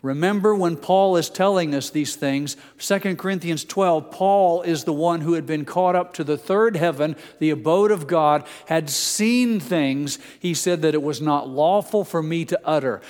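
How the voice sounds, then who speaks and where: A man preaching in a slightly higher-than-usual voice, talking plainly and using everyday anecdotes. He sometimes drops into a soft, hushed emphasis. A long reverb from a large church space trails behind his words. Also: normal speed, few pauses. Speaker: pastor. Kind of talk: sermon.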